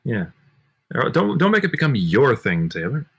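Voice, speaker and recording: A man's voice: medium pitch, wildly swooping pitch, normal speed, vocal fry, breathy edge. A man hosting a casual gaming podcast panel, steering the turns and dropping dry asides. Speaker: podcast host.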